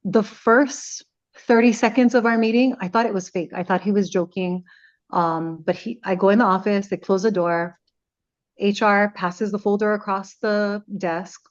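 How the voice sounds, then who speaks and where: A woman's voice: mid-range voice, moderate pace. A middle-aged woman, a radio personality telling a story in casual conversation and acting out the dialogue. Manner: animated retelling, acting out quoted dialogue. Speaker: radio personality, podcast guest. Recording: slightly muffled, lo-fi sound.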